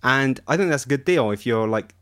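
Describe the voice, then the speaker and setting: A man's voice: mid-range voice, lively intonation, brisk, a bit bright, no echo, studio quality. Chatty man explaining audio tools. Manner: chatty, enthusiastic, explains with examples. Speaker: podcast co-host. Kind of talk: casual tech chat.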